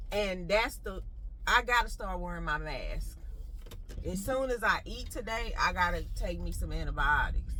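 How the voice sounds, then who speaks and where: A woman, vlogging in a blunt, profane, animated rant. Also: mid-range voice, slight background noise, low-quality recording. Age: 40s. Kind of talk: casual ranting chat.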